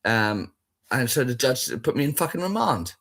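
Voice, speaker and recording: Husky, sweary man. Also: medium pitch, sing-song, normal speed, a bit bright. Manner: sweary, blunt and rambling, repeats himself. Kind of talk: casual spoken rant.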